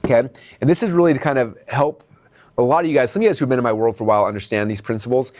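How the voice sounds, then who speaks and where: A male coach talks quickly through a video training, his voice sitting in an ordinary middle pitch. He sounds energetic and direct, pushing his viewers to act and asking "okay?" to keep them with him. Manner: addresses viewers as "you guys". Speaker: online business coach.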